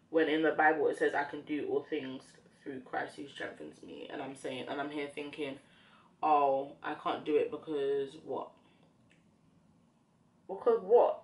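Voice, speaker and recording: A young woman vlogger chatting casually while doing her makeup, talking in a reflective, rambling way with many fillers. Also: low voice. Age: young adult. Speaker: beauty vlogger.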